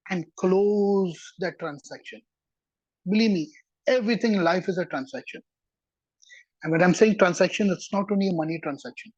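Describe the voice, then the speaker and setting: Religious teacher, sermon delivery; husky tone, conversational and emphatic, with a dull lo-fi recording. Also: mid-range voice, dry recording. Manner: conversational, repeats words for emphasis, checks in with listeners. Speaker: Torah teacher.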